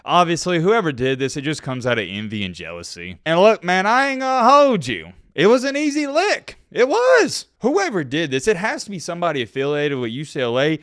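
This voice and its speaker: Animated young man in slangy commentary. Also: a little high, dry recording, studio quality. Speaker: commentary vlogger. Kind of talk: casual reaction commentary.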